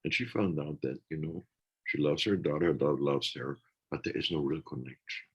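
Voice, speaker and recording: A man's voice: a bass voice, a little fast, breathy edge, dull audio. A man talking earnestly in a reflective podcast conversation, acting out the remarks he quotes.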